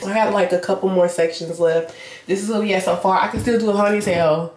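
A woman's voice: lowish voice, steady tone, brisk, darkish tone, echoey room, slight background noise. A young woman, chatting casually and playfully in a self-filmed vlog, swearing freely. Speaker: vlogger.

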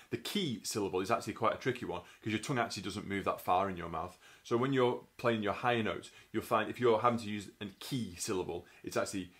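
A man's voice: lowish voice, a bit bright. A man explaining brass tonguing technique in a methodical teaching style, often sounding out syllables. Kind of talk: instructional tutorial.

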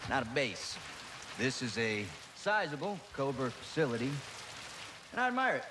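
An actor playing a cool, smug mercenary commander who speaks in a calm, measured, menacing way. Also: male voice, mid-range voice, close to an everyday voice. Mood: coolly menacing. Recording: rain noise behind game audio.

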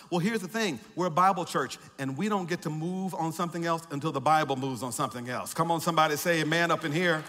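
Male pastor, sermon delivery, high-pitched, long church reverb. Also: fast talker, few pauses, some chatter behind, slight background noise. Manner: builds to shouted, repeated refrains with rhythmic preaching cadence; drops to quiet, joking asides to the congregation. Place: large church sanctuary.

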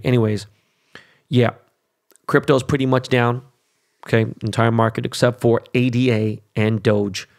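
Gravelly-voiced man ranting casually. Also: mid-range voice. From Los Angeles. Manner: blunt, swearing, animated rants. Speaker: podcast host. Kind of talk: casual profane monologue.

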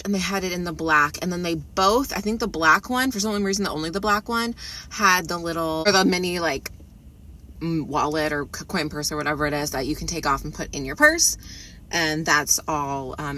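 A woman filming a casual shopping vlog. She talks from her car, then murmurs half-whispered comments as she browses a quiet store. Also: sits low. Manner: chatty, gushing over cute finds. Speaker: shopping vlogger.

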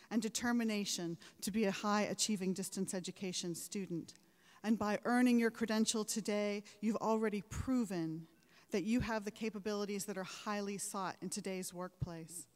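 A woman's voice: medium pitch, darkish tone. A woman delivering a formal commencement address, engaging her listeners with rhetorical questions and anecdotes. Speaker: commencement speaker. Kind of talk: formal ceremonial speech. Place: large ceremony hall. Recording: echoing large hall.

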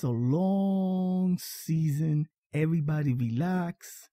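This is a man hosting a sports fan podcast, his voice deep-toned, mellow and husky. He talks emphatically, repeating his points and often asking "all right?" The sound is dry and close. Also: a little slow, hardly any pauses, dry recording. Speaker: podcast host. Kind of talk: casual sports fan monologue.

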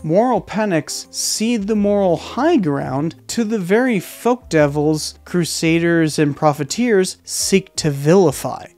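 A man hosting a history channel, giving scripted narration with a deliberate, emphatic delivery. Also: a little high, animated, darkish tone, faint music behind.

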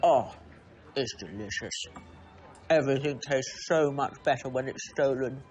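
A woman's voice: very deep voice, a little slow, darkish tone, soft background music. An actress playing a flamboyant, vain, middle-aged female author with an English accent, theatrical and breezy in a TV comedy-drama.

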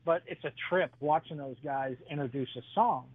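A man who is a stand-up comedian telling his act in an interview, halting and full of "uh"s, chuckling between jokes. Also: a little high, slightly rough, dry recording. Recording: dry tinny phone line.

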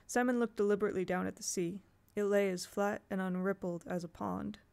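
Gravelly woman reading a storybook. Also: mid-range voice, steady tone, brisk, darkish tone. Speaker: audiobook reader. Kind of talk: storybook narration.

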